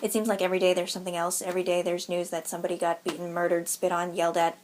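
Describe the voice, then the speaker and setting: A woman's voice: fairly low pitch, level tone, very fast, darkish tone, a little hiss or hum. Blunt, sweary young woman vlogger ranting. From United States. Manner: blunt, sweary, sarcastic rant with frequent laughs. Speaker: YouTuber. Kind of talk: opinionated commentary vlog.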